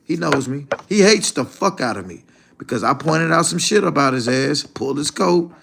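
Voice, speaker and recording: Hosting a casual livestream, a man rambles to his chat, swears freely, and laughs a lot. His voice runs on the high side and expressive at a normal pace, with vocal fry and some background noise.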